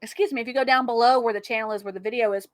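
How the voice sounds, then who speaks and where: A woman co-hosting a casual podcast, enthusiastic and quick to laugh. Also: on the high side, fairly even intonation, no room sound. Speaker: podcast co-host. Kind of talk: casual chat.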